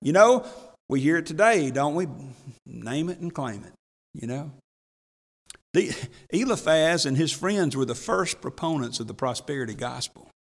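A man preaches a sermon, his voice sitting a little high for a man and carrying a long church reverb. He is folksy and chuckling, drops into hushed asides, then rises to emphatic points. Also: lively intonation, normal speed. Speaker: pastor. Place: church sanctuary.

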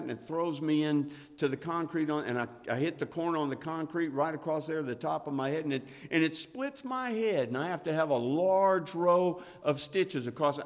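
Middle-aged preacher in a reverberant church. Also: male voice, fairly high pitch. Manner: earnest storytelling, swelling with excitement. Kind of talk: sermon with personal anecdotes. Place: church sanctuary. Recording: long church hall reverb.

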